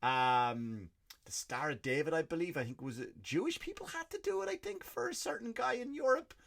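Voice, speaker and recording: A man's voice: a little high, big pitch swings, brisk, creaky, a bit bright. An Irish man hosting a comedy podcast, ranting in a loose stand-up style, swearing freely and answering his own questions. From Ireland. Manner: profane, ranting, self-answering asides.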